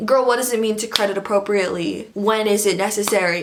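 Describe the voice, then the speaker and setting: A woman in her twenties giving a sarcastic, giggly commentary vlog, with quick jokey asides. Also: medium pitch, a little hiss or hum. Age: 20s. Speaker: commentary YouTuber.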